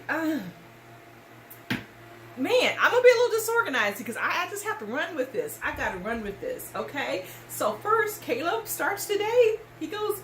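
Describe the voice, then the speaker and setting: A woman's voice: very high-pitched, fairly bright tone, echoey room, slight background noise. A woman hosting a reality TV commentary show, reading tweets aloud and roasting a contestant in a sassy, dramatic way.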